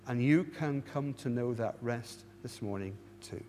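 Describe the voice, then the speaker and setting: A man's voice: mid-range voice, measured pace, hardly any pauses, a little mellow, long reverb tail, a little hiss or hum. A man preaching a sermon in a church, pleading earnestly with his listeners and often restarting his words. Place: church hall.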